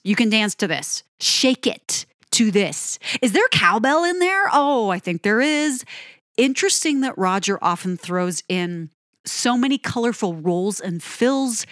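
A woman's voice: mid-range voice, a little slow, no echo, studio quality. Gushing woman breaking down a rock song. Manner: gushing, animated, addresses viewers directly. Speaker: music reviewer.

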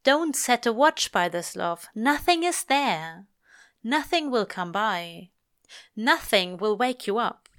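A woman voicing an anxious, gentle male angel who pleads in a high, trembling voice. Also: sing-song, takes it slowly, heavily acted. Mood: despairing.

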